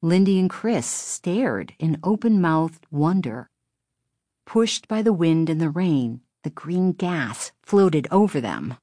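A woman narrating a children's story in a steady, expressive storytelling manner. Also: deep voice, slow, no room sound, studio quality. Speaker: audiobook narrator. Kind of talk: scripted narration.

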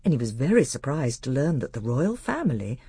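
A narrator reading a children's fantasy novel aloud in an expressive, animated storytelling manner. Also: mid-range voice, a little fast, husky, no room sound, clean studio sound.

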